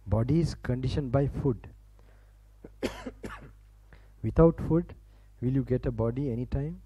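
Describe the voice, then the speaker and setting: Husky, dark-voiced Sri Lankan monk preaching. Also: male voice, medium pitch, measured pace, no room sound, low-quality recording. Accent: Sri Lankan English. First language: Sinhala. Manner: chatty and informal, laughing often, with broken restarts. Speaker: Buddhist monk giving a Dhamma talk. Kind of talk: sermon with guided relaxation instructions. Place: university campus hall, live audience.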